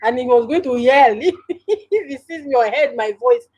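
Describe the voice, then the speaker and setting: Nigerian woman, Nigerian English accent, slightly high voice, casual live-stream chat, talks straight to viewers, laughs a lot. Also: expressive, normal speed, darkish tone, poor audio. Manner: chatty, laughs often, speaks directly to viewers. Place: at home.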